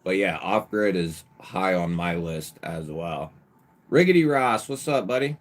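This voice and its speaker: Male livestream host, low voice, slow easygoing delivery, calls out chatters by nickname, bursts of emphasis. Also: lively intonation. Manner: occasional mild swearing. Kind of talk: casual live chat with viewers.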